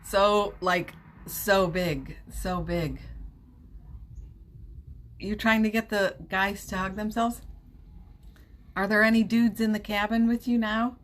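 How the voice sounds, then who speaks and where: A woman's voice: medium pitch, fairly even intonation, takes it slowly, pauses often, slight background noise. A woman hosting a casual live stream, chatty, laughing often and reassuring her viewers, with a runny nose. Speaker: livestream host.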